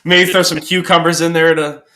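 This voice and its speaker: A man's voice: on the high side, level tone, moderate pace, sharp tone. A man co-hosting a casual wrestling recap podcast, sharing easygoing, plainspoken opinions. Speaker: podcast co-host.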